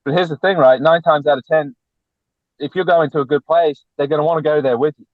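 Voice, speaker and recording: A man speaking as a relationship coach guest on a podcast, lecturing bluntly and forcefully, with lots of repetition. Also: on the high side, fairly even intonation, brisk, dry recording. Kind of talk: podcast interview. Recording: tinny phone-like dry line.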